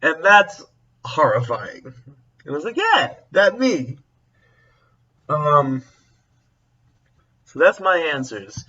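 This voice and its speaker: A man's voice: a little high, sing-song, takes it slowly, pauses often, pushed and bright, husky, far from the mic, highs cut off. A man who works as a teacher, chatting casually to camera, rambling and often breaking off to correct himself. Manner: rambling, self-interrupting, chuckling. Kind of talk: casual vlog chat.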